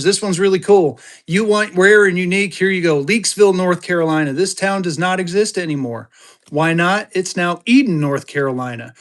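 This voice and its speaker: A man from Colorado hosting a live selling stream, talking fast in an upbeat sales patter. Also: fairly high pitch, fairly bright tone. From Colorado, USA. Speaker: live-stream currency seller.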